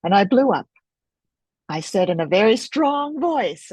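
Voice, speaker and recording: A middle-aged woman leading an experiential teaching webinar in a gentle, reflective way, pausing often, over a video call mic. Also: mid-range voice, sing-song, husky, no echo. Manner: gentle, reflective, unhurried with pauses. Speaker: Focusing teacher.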